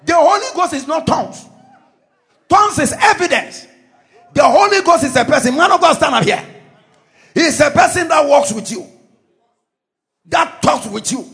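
A fervent pastor preaching a charismatic sermon, his high voice leaping up and down as he shouts decrees. He is a man who drives every declaration with loud, rising conviction and very lively pitch. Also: normal speed, creaky, pauses often.

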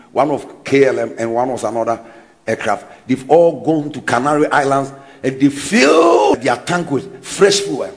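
A man preaching a sermon in an animated way, shouting and mocking people's voices. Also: medium pitch.

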